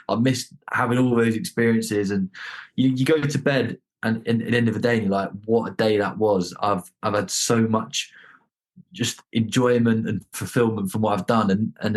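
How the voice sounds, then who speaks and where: British man guesting on a podcast, lowish husky voice, earnest and reflective. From Britain. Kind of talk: conversational interview.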